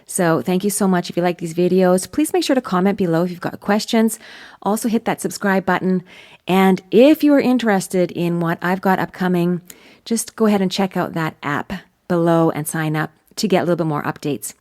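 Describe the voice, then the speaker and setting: A woman's voice: on the low side, fairly quick, a little mellow. A woman teaching as a voice coach, explaining patiently and encouragingly. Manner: demonstrates hums between explanations. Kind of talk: vocal coaching lesson.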